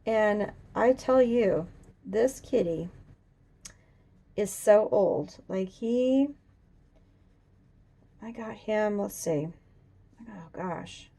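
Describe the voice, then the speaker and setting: A woman hosting a coloring tutorial, chatting casually and thinking aloud as she works, even talking to her drawing. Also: medium pitch, drawn-out words, pauses often. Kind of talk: casual demonstration while drawing. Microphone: camera on a tripod.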